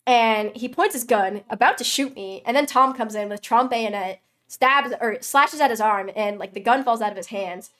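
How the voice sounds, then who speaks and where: A woman streamer reading a story game aloud, a dramatic reading broken by loud, sweary reactions. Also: on the high side, normal speed, hardly any pauses.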